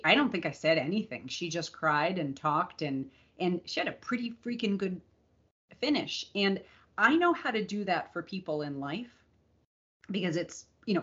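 A woman co-hosting a podcast, telling a personal race story in a candid, animated way with frequent restarts and laughter. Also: on the low side, lo-fi sound. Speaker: podcast co-host and endurance coach. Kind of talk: casual storytelling chat.

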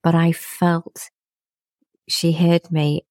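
A woman's voice: on the low side, little pitch movement, drawn-out words, a little mellow, dry recording, studio quality. A middle-aged woman, a podcast guest, talking in a reflective, casual way and often laughing as she speaks. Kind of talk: casual conversational chat.

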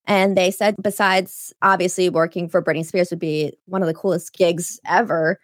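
A woman's voice: fairly low pitch, steady tone, normal speed, few pauses, dry recording, clean studio sound. A woman co-hosting a podcast in casual chat, recapping with wry asides. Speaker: podcast co-host.

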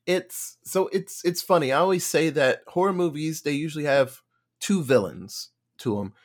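A man hosting a podcast in casual chat, lively and swearing, acting out characters. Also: fairly high pitch, normal speed. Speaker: podcast host.

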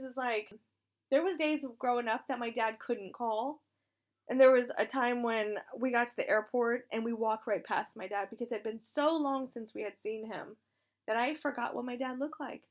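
A woman in her thirties, a military spouse with a hoarse, raspy voice, talking casually and frankly, encouraging listeners and swearing now and then. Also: on the high side. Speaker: military spouse sharing advice. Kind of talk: casual direct-to-camera talk.

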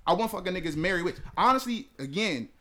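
Fast-talking bright-voiced man, teasing. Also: sits high, animated. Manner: laid-back, teasing, profane. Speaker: podcast co-host. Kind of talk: casual chat.

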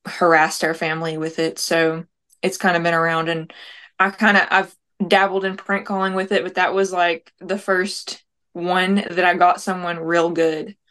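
A woman's voice: fairly low pitch, a bit bright. A young woman talking casually as an interview guest, rambling with lots of "like" fillers. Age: young adult. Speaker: guest, prank-call comedian.

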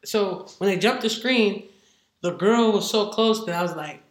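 Guest spot: woman head coach, lively storyteller, acts out the voices of others, roomy echo around her. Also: mid-range voice, a little slow. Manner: animated, acts out what others said. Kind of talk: casual interview storytelling.

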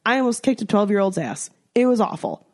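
Animated young woman telling a story. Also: mid-range voice, fairly quick. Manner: animated storyteller, swears freely, acts out quotes. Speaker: podcast co-host. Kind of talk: casual chat.

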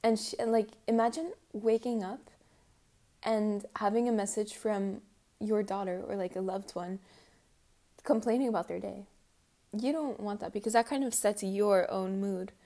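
Chatty young woman with a mellow voice. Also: mid-range voice, fairly even intonation, moderate pace. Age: young adult. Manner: chatty, rambling, lots of "like". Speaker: student vlogger. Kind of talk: casual advice talk. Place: abroad, six hours ahead of home.

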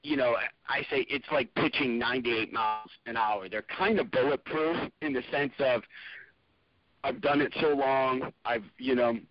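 Rambling comedian on a dry lo-fi podcast. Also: male voice, medium pitch, moderate pace, no echo. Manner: rambling, restarts, many "you know"s. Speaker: stand-up comedian guest. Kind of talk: casual podcast chat.

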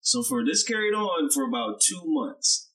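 A man's voice: high voice, expressive, moderate pace, sharp tone, rough recording. A man co-hosting a podcast, telling a story in casual chat, acting out the people he quotes and swearing freely. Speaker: podcast co-host, chef.

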